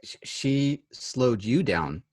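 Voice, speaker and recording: A man's voice: mid-range voice, big pitch swings, slow pace, a little mellow, breathy edge, no echo. A man hosting a casual interview, responding reflectively to his guest. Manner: reflective, affirming. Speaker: host.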